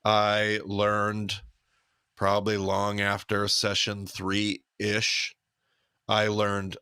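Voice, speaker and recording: A man's voice: on the low side, bright, forceful tone, no room sound, studio quality. A man from Idaho co-hosting a podcast, talking casually and candidly with a self-deprecating manner. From Idaho, United States. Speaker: podcast co-host. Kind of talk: casual conversation.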